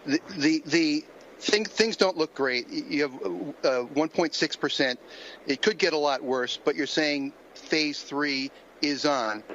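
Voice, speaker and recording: A man, a reporter, asking questions at a press briefing in a nervous, halting way. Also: fairly high pitch, fairly bright tone. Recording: muffled remote audio with faint noise.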